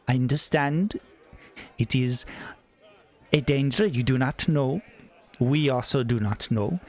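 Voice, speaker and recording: A man voicing a shrewd robed male goblin, speaking in a slow, formal, bargaining way in a tabletop game. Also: medium pitch.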